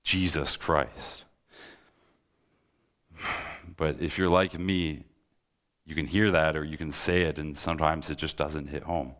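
A young man delivers a sermon with a very low voice. He speaks earnestly and presses his listeners with pleading, impassioned questions. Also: steady tone, normal speed, fairly bright tone. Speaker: preacher.

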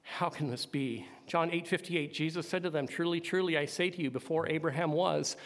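A man preaching a sermon, building to loud emphatic climaxes. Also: a little high, a little fast. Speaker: pastor. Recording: long hall reverb.

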